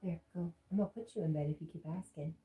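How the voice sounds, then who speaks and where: A woman hosting a casual livestream, reading viewer comments aloud and talking softly to her dog. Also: low-pitched, fast talker, reverberant, phone-quality sound, background noise. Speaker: livestream host reading chat.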